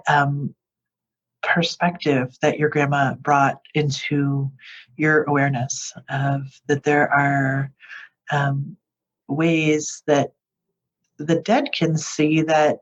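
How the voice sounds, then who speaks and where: A podcast host asking questions and reflecting thoughtfully, often pausing to search for words. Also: mid-range voice. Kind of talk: interview conversation. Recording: muffled lo-fi audio.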